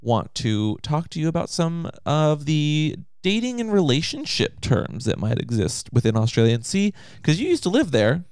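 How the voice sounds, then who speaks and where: A man's voice: fairly high pitch, huge pitch swings, normal speed, few pauses, darkish tone, smooth, no room sound, clean studio sound. A man co-hosting a podcast in casual chat, teasing and joking. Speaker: podcast co-host.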